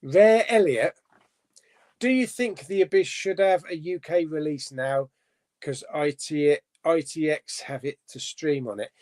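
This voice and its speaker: A man's voice: a little high, a little slow, a little mellow. A man hosting a casual live chat, reading out viewer comments and musing aloud, laughing to himself as he goes. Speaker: host.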